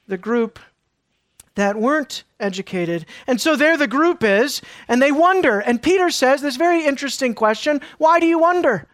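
A man preaching a sermon, moving between hushed lines and emphatic questions. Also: very high voice, no room sound, clean studio sound. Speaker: pastor.

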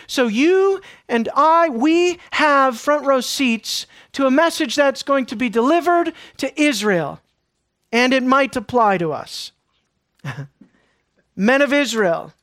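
A man preaching a sermon, moving between hushed lines and emphatic questions. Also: extremely high pitch, no room sound, studio quality. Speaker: pastor.

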